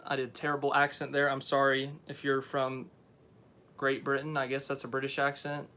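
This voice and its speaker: A man's voice: medium pitch, completely flat delivery, a little fast, bright, forceful tone. A young man hosting a casual live stream, rambling and often correcting himself as he answers viewers. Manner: rambling, unsure, self-correcting.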